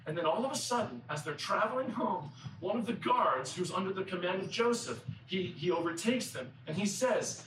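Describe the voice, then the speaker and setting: Guy preaching, kinda high voice, conversational storytelling, roomy and a bit far off the mic. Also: animated, moderate pace, few pauses, noisy background. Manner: conversational storytelling, acts out quoted characters. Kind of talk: sermon.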